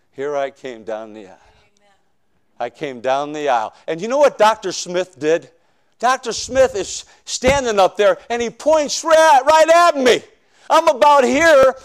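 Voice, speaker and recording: A male preacher telling his conversion story in a sermon, swinging from loud shouts to hushed confession. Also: high voice. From northern United States. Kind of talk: sermon testimony.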